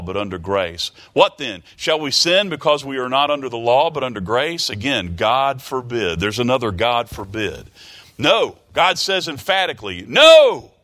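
A man with a mid-range, sharp-toned voice preaches a sermon, reading scripture aloud and earnestly explaining it. He often repeats words while searching for his next phrase.

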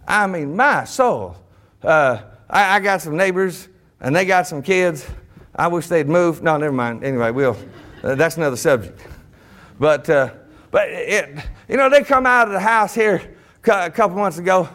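A middle-aged man preaching a sermon, folksy and animated, breaking into shouted bursts. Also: a little high, normal speed.

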